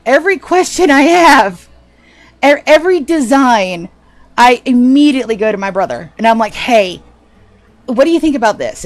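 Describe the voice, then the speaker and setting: A woman streaming a game live, chatting casually and swearing freely with a self-mocking, sarcastic manner. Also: fairly high pitch. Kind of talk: casual live gameplay chat.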